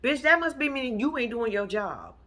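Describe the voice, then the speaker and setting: Her voice sits a little high and moves slightly quickly. She's a vlogger recapping a TV show episode, telling the story with lots of swearing and laughter, lively and speaking right to her audience as "y'all."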